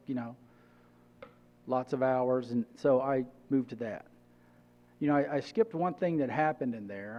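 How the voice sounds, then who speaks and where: Guest speaker, middle-aged man, mid-range voice, casual storyteller, dull lo-fi church recording. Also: medium pitch. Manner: conversational, acts out quoted dialogue. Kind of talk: personal testimony storytelling.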